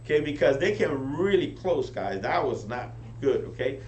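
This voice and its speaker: A man giving a high-energy motivational training talk to a live audience, often checking in with them. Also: normal speed. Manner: energetic, keeps asking the crowd "right?". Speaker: business team leader training recruits. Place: meeting room with an audience. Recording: echoey room, distant mic, faint hum.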